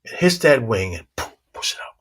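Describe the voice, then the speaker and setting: A man giving a motivational talk, telling animated stories with sound effects and rhythmic, preacherly repetition. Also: mid-range voice, moderate pace, slight background noise. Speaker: motivational speaker.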